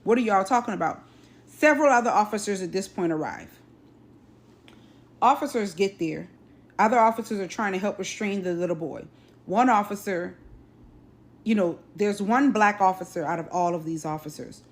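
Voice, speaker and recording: A woman's voice: medium pitch, moderate pace, long pauses. A woman from South Carolina recounting an incident to her viewers in casual commentary, stressing points by repeating them. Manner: emphatic, repeats key phrases; addresses viewers directly. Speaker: social media commentator.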